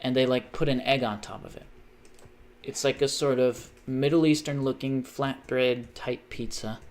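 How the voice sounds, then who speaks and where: Guy streaming a game, rambly and cussy, hops topic to topic, mid-pitch voice. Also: fairly even intonation, normal speed. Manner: rambling, profane, jumpy tangents. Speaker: gaming livestreamer. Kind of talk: casual chat while gaming.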